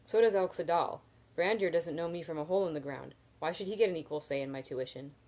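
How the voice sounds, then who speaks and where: A woman's voice: sits low, fast talker, a little mellow, close to an everyday voice. A woman reading the lines of a brash, outspoken young male student in an audiobook-style reading. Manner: indignant, outspoken.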